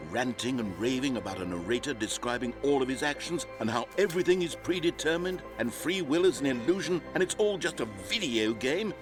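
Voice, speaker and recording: A man's voice: medium pitch, natural voice. A man narrating a video game story in a dry, wry, scripted manner.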